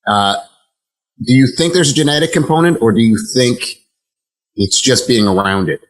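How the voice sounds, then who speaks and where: A man hosting an interview, asking questions slowly and haltingly, with restarts and fillers. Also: mid-range voice, lively intonation, poor audio. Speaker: interview host.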